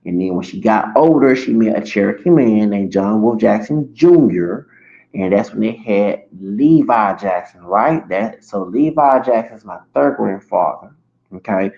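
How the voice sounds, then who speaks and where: A man's voice: lowish voice, animated, a little slow, creaky, warm tone. A man in his forties talking in a long, rambling livestream monologue, often restarting and correcting himself. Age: 40s. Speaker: streamer. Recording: echoey room, dull lo-fi sound.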